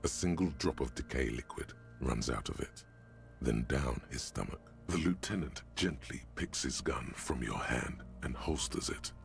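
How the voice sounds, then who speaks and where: A man's voice: very deep voice, expressive, moderate pace, slight background noise, full character voice. An actor voicing a grim, ominous male narrator in a video game. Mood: grave. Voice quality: gravelly, grave.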